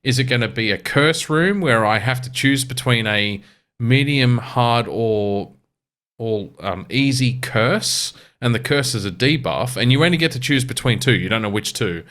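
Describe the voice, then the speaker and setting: A man's voice: mid-range voice, lively intonation, moderate pace, fairly bright tone. An Australian man co-hosting a podcast, explaining a game at length in casual chat, with restarts. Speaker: podcast co-host.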